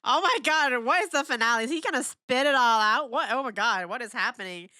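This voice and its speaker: A woman hosting a reaction video in casual commentary, animated and exclamatory, laughing often and asking lots of questions. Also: on the high side, brisk, no echo, clean studio sound. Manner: asks rhetorical questions.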